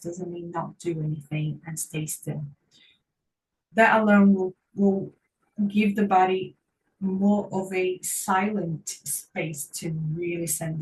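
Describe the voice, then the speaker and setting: A woman physiotherapist leads an online workshop in a fairly low voice, earnest and encouraging, often repeating her phrases for emphasis. She sits a little away from the microphone, with a faint hiss of background noise underneath. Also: darkish tone, far from the mic, poor audio.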